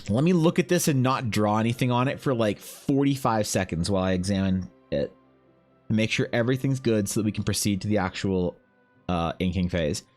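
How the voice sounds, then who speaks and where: Low-pitched male streamer who rambles and swears as he works, faint music underneath. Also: a little fast, darkish tone. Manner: rambling, swears, talks to himself and chat. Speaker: artist streaming live. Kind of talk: casual live-stream chat while drawing.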